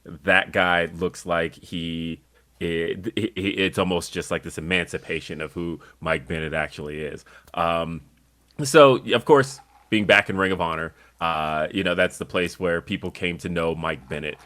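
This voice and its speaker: Low-voiced male podcast host. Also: unhurried, sharp tone. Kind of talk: interview questions.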